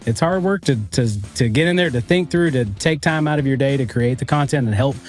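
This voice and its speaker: A man from Arkansas with a Southern accent, a podcast guest explaining his work in an earnest, steady way with frequent ums. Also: medium pitch, brisk. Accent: Southern American. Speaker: podcast guest, studio owner. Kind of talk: casual interview chat.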